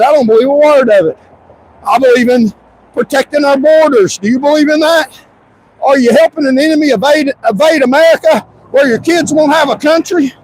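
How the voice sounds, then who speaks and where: High-pitched man with an insistent livestream rant. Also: slight background noise, low-quality recording. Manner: insistent and repetitive, stretching key words, at times shouting. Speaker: livestream commentator. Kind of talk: emphatic livestream monologue.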